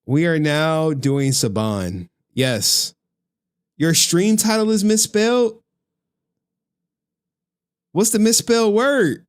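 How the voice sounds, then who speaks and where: A man's voice: fairly high pitch, slow, long pauses, smooth. A man doing a live stream and talking casually to his chat, profane, chatty and exasperated.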